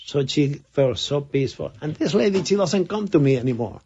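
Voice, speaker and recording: A man's voice: mid-range voice, a little fast, hardly any pauses, darkish tone, husky. A middle-aged man, a physician co-hosting a radio show, telling stories in casual chat and acting out the quotes. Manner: storytelling, repeats words, acts out quotes. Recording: dull lo-fi radio broadcast.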